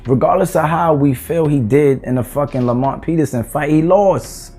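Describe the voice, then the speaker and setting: A man's voice: a little high, moderate pace, mellow, slightly rough, soft background music. A man ranting heatedly about boxing rankings in a vlog, cursing and exasperated, with rhetorical questions. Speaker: boxing commentator.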